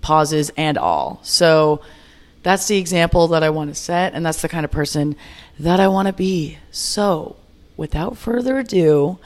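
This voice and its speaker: A woman's voice: low-pitched, unhurried. A young woman hosting her own podcast alone, chatting in an upbeat, rambling way with fillers and restarts. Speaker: podcast host. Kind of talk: solo podcast chat.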